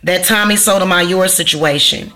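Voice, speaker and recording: A woman's voice: fairly low pitch, normal speed, sharp tone. A woman vlogger, talking casually and bluntly to her viewers, cursing and ranting. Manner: blunt, profane, ranting, slangy. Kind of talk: casual talk to camera.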